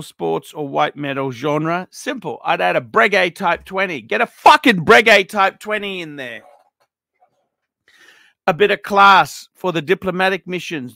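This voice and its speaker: A man's voice: sits high, vocal fry, pushed and bright, dry recording, studio quality. A middle-aged man giving a blunt, profane, ranting review of a viewer's watch collection. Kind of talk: unscripted paid review monologue.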